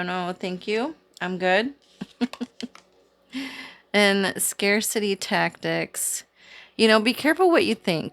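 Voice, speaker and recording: A woman with a slightly low voice talks her viewers through a weekly card reading. She speaks slowly and unhurriedly, in a soothing and chatty way, like a host used to talking to her regular audience. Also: a bit bright. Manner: slow, soothing, chatty with small laughs. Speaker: tarot reader, channel host. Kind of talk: casual spiritual reading to camera.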